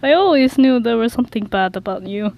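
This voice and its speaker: A woman's voice: fairly high pitch, expressive, brisk, darkish tone, slight background noise, low-quality recording. A woman doing a blunt, swearing young man. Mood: defiant. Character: defiant, insulting young man.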